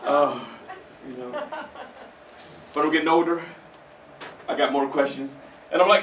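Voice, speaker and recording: Chatty stand-up comic with a lively high voice. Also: male voice, measured pace, long pauses, slight background noise. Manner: conversational, laughs at his own jokes. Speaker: stand-up comedian. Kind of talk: stand-up comedy set. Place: small theater stage. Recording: roomy small theater, mic from far off.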